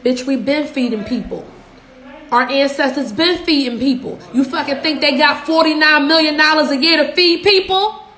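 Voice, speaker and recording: This is a young woman from Philadelphia who coaches social media businesses, launching into a heated, foul-mouthed livestream rant. She fires rhetorical questions in a high, slightly bright voice at normal speed, and the room echoes.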